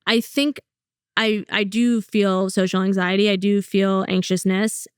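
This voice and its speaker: A young woman, a comedian talking casually and bluntly as a guest, telling stories and slipping in quick quoted asides. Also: medium pitch, level tone, clean tone, no room sound, studio quality. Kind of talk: casual interview chat.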